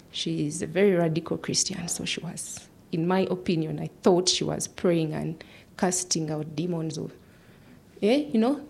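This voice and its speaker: Husky-voiced woman telling a personal story. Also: on the low side, a little mellow. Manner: earnest, drops to near-whispers at tense moments. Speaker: human rights lawyer.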